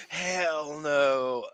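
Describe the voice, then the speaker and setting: A man's voice: on the high side, sharp tone, no room sound. A man co-hosting a podcast in casual chat, playful and giggly, often breaking into laughter. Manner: giggly, playful, bursts into laughter and silly voices. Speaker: podcast co-host.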